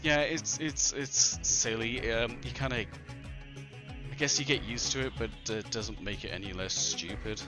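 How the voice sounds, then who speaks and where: A man co-hosting a casual film review chat, animated, with lots of fillers and mocking impressions. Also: mid-range voice, a little slow, over music. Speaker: podcast co-host.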